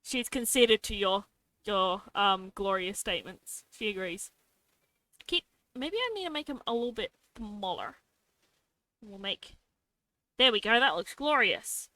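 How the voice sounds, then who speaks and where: A young woman with a mid-range, brightly forceful voice chats casually on a live stream, talking to herself as she draws. Her intonation is lively and her pace unhurried, with frequent pauses, playful little sound effects, and no room sound.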